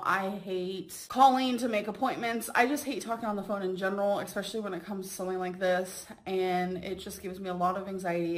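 A woman vlogging casually to camera, chatty and excitable with frequent giggles. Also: medium pitch, poor audio.

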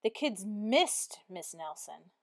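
Expressive woman reading a storybook aloud. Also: medium pitch, slow pace. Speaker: teacher reading a picture book aloud.

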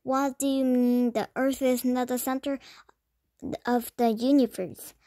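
A woman voicing a calm, curious old male philosopher teacher, reading plainly with stumbles and restarts. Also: high-pitched, unhurried, dry recording, studio quality.

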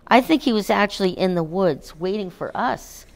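A woman voicing an eager, kind young girl in a storybook reading, hopeful and quick to reassure. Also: medium pitch, lively intonation, close to an everyday voice. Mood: reassuring.

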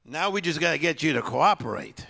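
A man preaching a sermon, swinging between loud exhortation and hushed, low-key storytelling, with soft piano music behind him. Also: expressive, a little fast, gravelly.

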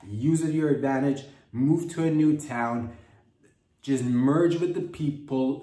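A man's voice: mid-range voice, takes it slowly, mellow, recorded from a distance. A man hosting a comedy podcast, delivering a playful, rambling monologue and slipping into mock accents. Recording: roomy sound from off-mic.

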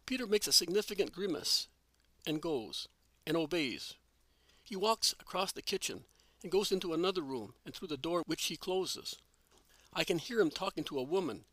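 A man's voice: a little high, animated, normal speed, fairly bright tone, no room sound. Man narrating a religious story. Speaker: reader.

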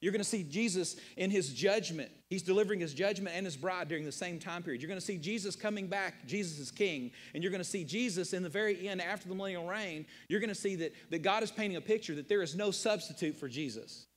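A man's voice: high voice, fast talker, hardly any pauses, in a large hall. A man preaching a sermon as pastor, emphatic and rhetorical, repeating key phrases and asking questions of his listeners. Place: church sanctuary.

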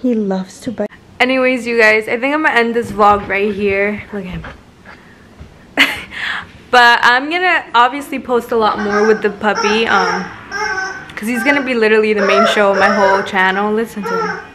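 A woman's voice: medium pitch, moderate pace, background noise. A woman vlogging casually at home, out of breath, chatting and calling to a puppy, dropping in Spanish words. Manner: playful, mixes in Spanish words, coos at a puppy. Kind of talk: casual vlog chat. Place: home indoors.

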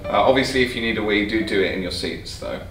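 A man performing a theatrical storytelling monologue, wry and lively as he speaks to the audience. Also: lowish voice, quick pace, reverberant, distant mic, music in the background. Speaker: solo stage performer.

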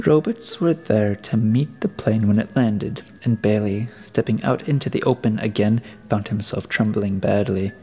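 A man with a fairly low voice narrates an audiobook. His reading is deliberate, with the odd restart of a phrase. Faint music plays quietly underneath. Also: breathy edge. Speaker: audiobook reader.

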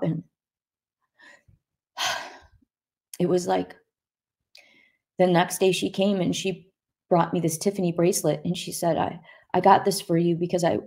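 Soft-spoken woman with a gravelly voice. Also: lowish voice. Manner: soft-spoken, halting, with many restarts and pauses. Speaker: guest sharing her testimony. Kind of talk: emotional personal testimony.

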